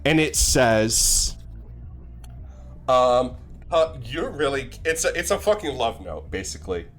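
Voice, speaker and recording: A man's voice: mid-range voice, very animated, unhurried, a bit bright, faint music behind. Young male streamer, mid-range voice, casual rambling anecdote, profane and self-mocking.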